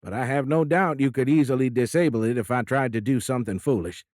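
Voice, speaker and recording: Nasal Midwestern older president, as a man does him for an audiobook; gruff, loud, folksy. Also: medium pitch, quick pace, dry recording, clean studio sound, pitched above the performer's own voice, lightly acted. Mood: jovial. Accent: Midwestern American. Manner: gruff and plainspoken, raised voice.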